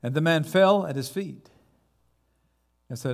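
A man's voice: on the high side, a little slow, vocal fry. A man preaching a sermon as pastor, building dramatically to emphatic repeated words.

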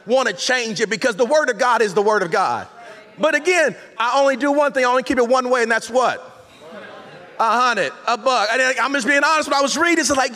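A man delivers a loose, conversational sermon full of slang and playful asides, often restarting his sentences. His voice sits very high and bright. It rings out with a long reverb across a large church auditorium. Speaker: pastor. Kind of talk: casual, joking sermon. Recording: long hall reverb from the sanctuary.

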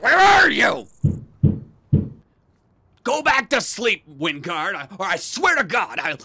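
An actor in an audio drama playing a sleepless, paranoid man obsessed with noises in the walls, swinging between muttering and yelling. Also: high-pitched, no echo, heavily acted. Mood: frantic. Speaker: actor in a one-man radio play.

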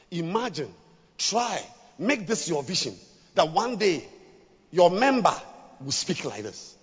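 A man preaching a sermon to pastors, dropping to hushed scripture reading and rising to shouted exhortation. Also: high-pitched, big pitch swings, slow, breathy edge. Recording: lo-fi with long hall reverb.

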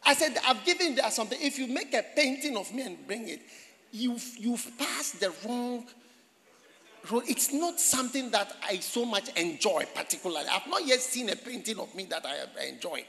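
A man preaching in a church with a very high, bright voice. He talks like he is chatting with the congregation, repeats his phrases and asks them questions. His voice rings with long reverb in a large hall. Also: lively intonation, moderate pace, creaky. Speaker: pastor. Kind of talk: sermon.

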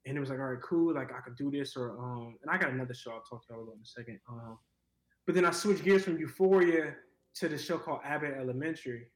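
A young actor from Cleveland talking casually in an interview, rambling with lots of fillers. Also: male voice, medium pitch, fast, echoey room, rough recording. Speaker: actor guest.

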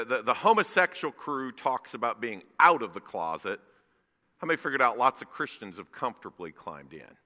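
A man preaching a sermon in a church, emphatic and rising to loud bursts. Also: medium pitch, in a large hall. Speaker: guest preacher. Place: church sanctuary.

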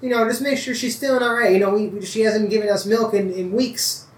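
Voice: mid-range voice, a little fast, reverberant, voice pushed up, natural voice. A game master voicing a poor, humble older male farmer with a bad leg, who talks in folksy rural grammar and stumbles over repeated words. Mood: pleading.

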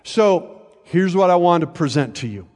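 A man's voice: on the high side, lively intonation, normal speed, a little mellow, in a large hall. An older man preaching a sermon from a church pulpit, conversational, with joking asides and frequent check-ins with the congregation. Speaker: pastor. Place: church sanctuary.

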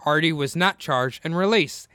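A man co-hosting a casual true-crime podcast reads the story from his notes and keeps breaking into laughter. His voice sits a little high. He sounds close to the mic in a dry room with no echo. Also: moderate pace, sharp tone, clean tone. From Minnesota. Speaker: podcast co-host.

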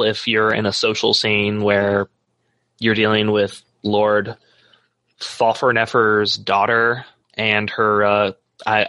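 Man, emphatic, blunt jokes, bright tone, lowish pitch. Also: no room sound. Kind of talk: casual tabletop gaming discussion.

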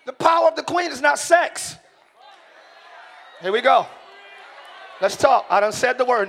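A middle-aged man preaching a sermon in a church, shouting key lines and slowing down for emphasis while joking with the congregation. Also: extremely high pitch, lively intonation, creaky, some chatter behind. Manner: joking, talks directly to the congregation. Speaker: pastor. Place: church sanctuary.

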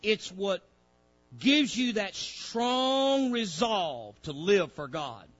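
A man preaching a sermon in a church, dropping to low murmurs and rising to loud shouted peaks. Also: expressive, extremely slow, highs cut off, faint music behind. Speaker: pastor.

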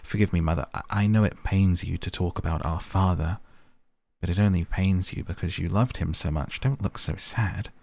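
A man's voice: sits low, normal speed, gravelly, darkish tone, dry recording. A man reading the part of an eager, lovestruck young actress, pleading and breathless.

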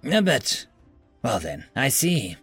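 A man's voice: medium pitch, sing-song, slow pace, a bit bright, slightly rough, no echo, soft background music, full character voice. A man voicing a weary, exasperated alien who answers a reckless human with dry skepticism. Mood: deadpan.

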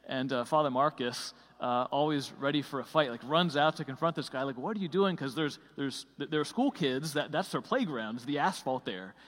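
A man's voice: medium pitch, moderate pace, hardly any pauses, fairly bright tone, long reverb tail. A man preaching a sermon in a conversational way, full of fillers and restarts.

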